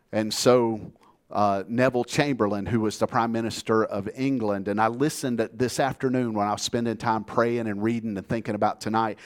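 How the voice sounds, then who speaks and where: A man from the United States preaching a sermon, telling a story in a plainspoken, earnest way and calling the congregation to say amen. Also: mid-range voice. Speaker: pastor.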